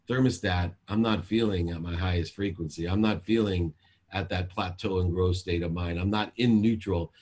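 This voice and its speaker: A man speaking as a motivational speaker at a sales seminar, emphatic and repetitive in a preachy way. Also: low-pitched.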